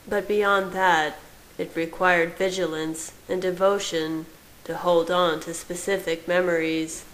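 Woman narrator, low voice, unhurried storybook reading. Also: fairly even intonation, low-quality recording. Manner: slow, soft and measured. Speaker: fan fiction reader.

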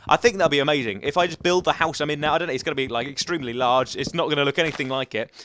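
A man's voice: on the high side, racing, sharp tone, a little hiss or hum. A young man giving chatty, rambling commentary while playing a survival game, talking to the viewers and to the animals. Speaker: gaming YouTuber.

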